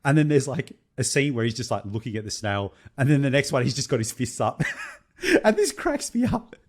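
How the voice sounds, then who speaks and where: A man's voice: medium pitch, fairly quick. A young adult man, co-hosting a casual podcast chat and laughing often as he tells stories. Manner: animated, laughs often while telling jokes. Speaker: podcast co-host.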